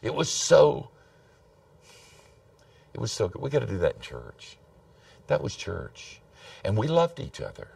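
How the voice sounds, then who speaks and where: A man's voice: on the low side, huge pitch swings, a little slow, gravelly, pauses often, darkish tone, distant mic. An older man, telling stories in a folksy, self-deprecating sermon. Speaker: preacher. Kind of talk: storytelling sermon.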